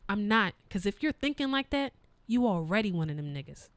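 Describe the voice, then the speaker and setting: A young adult woman co-hosting a podcast, talking in a blunt, profane, animated storytelling way. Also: medium pitch, a little fast, no echo. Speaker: podcast co-host. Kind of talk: casual chat.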